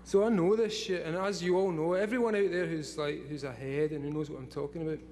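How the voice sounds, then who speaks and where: Excitable profane Scottish man in his forties. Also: fairly high pitch, fast. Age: 40s. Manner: profane, laughing often, excitable. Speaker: speaker at a live event. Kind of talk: rambling talk to a live audience.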